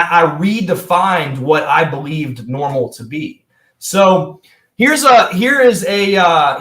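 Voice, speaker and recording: Energetic young man coaching in an echoey room. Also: a little high. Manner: energetic, emphatic, addresses viewers as guys. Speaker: motivational coach. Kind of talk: motivational talk to camera.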